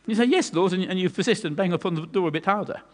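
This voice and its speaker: A man's voice: high-pitched, racing. A man preaching a sermon earnestly, often repeating words as he goes. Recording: long hall reverb.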